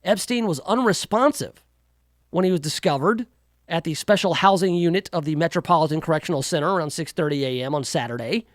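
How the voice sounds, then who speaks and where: Guy doing a talk radio rant, kinda high voice, sarcastic and rambly, dry studio mic. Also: brisk, no room sound. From United States. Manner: sarcastic, rambling, jokey asides. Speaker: radio talk show host.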